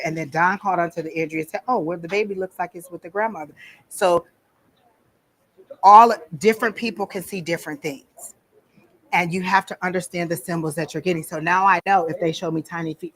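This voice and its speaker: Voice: medium pitch, a bit bright, low-quality recording. A psychic medium giving an informal live talk at a fair, telling stories and acting out the dialogue. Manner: chatty storytelling, acting out dialogue. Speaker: psychic medium teaching a class. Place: psychic fair event room.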